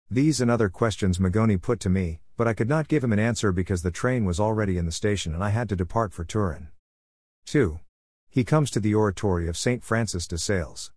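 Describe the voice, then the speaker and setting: A man narrating a religious biography as an audiobook, in a measured, steady and formal reading voice. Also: lowish voice, no echo, clean studio sound.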